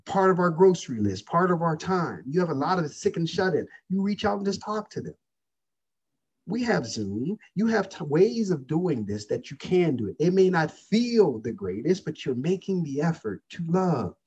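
A man's voice: a little high, very animated, moderate pace, darkish tone, slightly rough, lo-fi sound. A man preaching a sermon, calling out questions to his congregation. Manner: preaching with call-outs to the congregation. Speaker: pastor.

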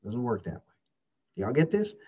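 A man's voice: mid-range voice, huge pitch swings, normal speed, mellow, husky, dull audio. A man preaching a sermon, calling out questions to his congregation. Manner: preaching with call-outs to the congregation. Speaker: pastor.

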